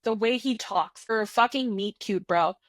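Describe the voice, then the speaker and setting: Woman, podcast co-host, casual chat, animated, exasperated, dry sound. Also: mid-range voice, measured pace, no echo.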